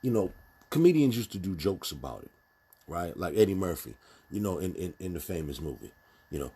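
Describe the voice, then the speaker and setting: Deep-voiced, husky man speaking bluntly. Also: very animated, fairly quick, warm tone. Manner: emphatic, many fillers and restarts, speaks bluntly. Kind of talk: casual monologue commentary.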